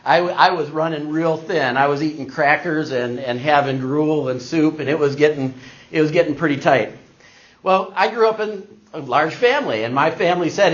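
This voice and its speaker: Middle-aged guy telling a story on stage, kinda high voice, doing the voices, muffled recording. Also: moderate pace. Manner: animated storyteller acting out quoted voices. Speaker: speaker giving a talk. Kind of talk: storytelling talk to an audience. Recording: dull lo-fi recording.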